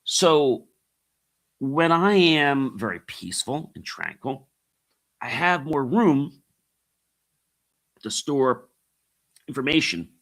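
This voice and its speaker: Motivational host, middle-aged man, forceful bright voice, calls the audience "guys.". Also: medium pitch, expressive, slow, pauses often. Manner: repeats key phrases, asks rhetorical questions; addresses listeners as guys. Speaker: podcast host and coach. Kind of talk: motivational monologue.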